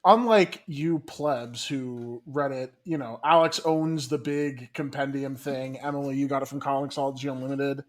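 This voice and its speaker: A man's voice: medium pitch, moderate pace, hardly any pauses. Dry-joking man on a podcast. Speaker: podcast co-host. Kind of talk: casual chat. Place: studio apartment. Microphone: recorded remotely over a call.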